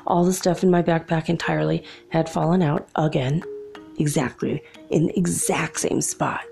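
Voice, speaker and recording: A woman's voice: deep voice, steady tone, normal speed, vocal fry, warm tone, soft background music. A young adult woman telling a personal story in a casual, chatty way, laughing often between remarks.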